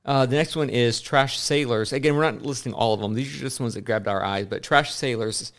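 A man's voice: medium pitch, a little fast, a bit bright. A man co-hosting a casual chat about video games, rambling and stumbling over his words with many fillers. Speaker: podcast co-host.

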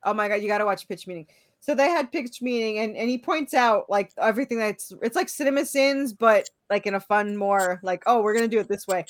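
A woman's voice: medium pitch, brisk, dry recording. A middle-aged woman co-hosting a podcast, chatting casually, laughing often and trailing off with fillers. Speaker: podcast co-host. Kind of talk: casual chat.

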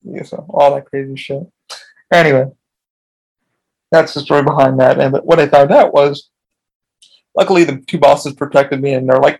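A man's voice: medium pitch, fairly even intonation, normal speed, creaky, long pauses, darkish tone. A man hosting his own podcast, telling a long story in a casual, rambling way with lots of swearing. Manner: profane, rambling, frequent restarts. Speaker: podcast host.

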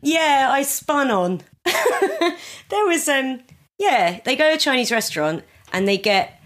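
A woman's voice: high voice, sing-song, unhurried, a bit bright. A woman, a comedian, chatting as a podcast guest and laughing often. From United Kingdom. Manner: laughs often, breaks into comic voices of film characters. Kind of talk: casual podcast chat. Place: remote, across the ocean from the hosts.

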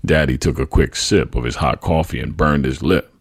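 Very deep-voiced man reading a memoir. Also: moderate pace, slightly rough, no room sound, studio quality. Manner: dramatic storytelling, voices quoted speech loudly. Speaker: podcast host and narrator.

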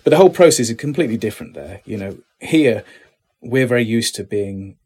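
A middle-aged British man, an actor, talking casually in an interview, relaxed and self-deprecating with many restarts. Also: mid-range voice, fairly quick, slightly rough. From Britain.

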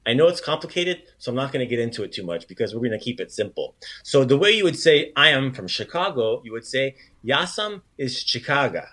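A man's voice: mid-range voice, sing-song, fairly bright tone. Upbeat man teaching phrases on a podcast. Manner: upbeat, encouraging, repeats phrases slowly. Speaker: language teacher, podcast host. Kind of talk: casual podcast language lesson.

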